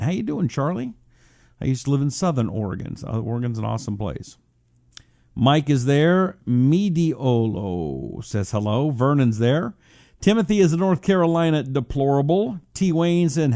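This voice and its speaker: A man's voice: fairly high pitch, warm tone, no echo, clean studio sound. A middle-aged man hosting a talk show, chatting casually and reading out viewer check-ins. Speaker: radio talk show host. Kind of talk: casual live-stream chat.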